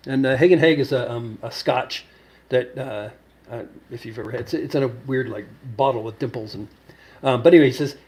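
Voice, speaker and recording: A man's voice: mid-range voice, normal speed. A man hosting a cocktail show, telling a long, rambling story with many fillers and restarts. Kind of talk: casual storytelling to camera.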